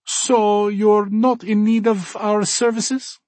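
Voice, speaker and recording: A big blond AI host greets visitors in a slight German accent, cheerful and unfailingly polite. A man voices him, pitching his husky voice well up and drawing the words out slowly. The sound is dry and close. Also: little pitch movement, a little mellow, dry recording. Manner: cheerful, polite, slow and formal.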